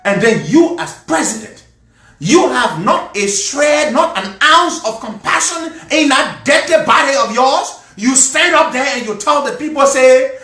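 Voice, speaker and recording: A man's voice: very high voice, expressive, measured pace, bright, forceful tone, reverberant. A man with a Liberian accent, ranting and mocking in angry live political commentary.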